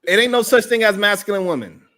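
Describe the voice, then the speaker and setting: A woman's voice: mid-range voice, animated, fast talker, a bit bright. A woman co-hosting a heated casual debate, talking in a brash, profane, argumentative way.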